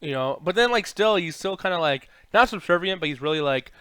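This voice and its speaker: A man's voice: sits high, animated, a little fast, pushed and bright, clear, resonant tone, no room sound. A man co-hosting a casual TV recap podcast, talking in a blunt, laid-back way and swearing casually. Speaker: podcast co-host.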